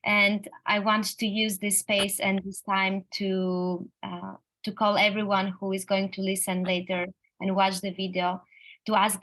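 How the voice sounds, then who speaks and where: A young adult woman, an award recipient, giving a thoughtful, deliberate speech over a video call. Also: mid-range voice, fairly bright tone, poor audio. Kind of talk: reflective speech.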